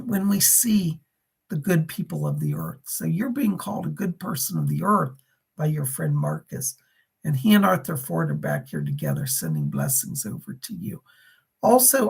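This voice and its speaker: Hosting live psychic readings on a livestream, a man with a gravelly, raspy voice relays spirit messages and thanks viewers by name, his pitch rising and falling as he goes.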